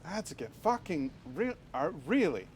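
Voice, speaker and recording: Over a noisy background, a thirty-something man commentates his live game stream at normal speed, his fairly high voice swinging widely in pitch. He chats casually and rambles, restarting sentences and swearing often.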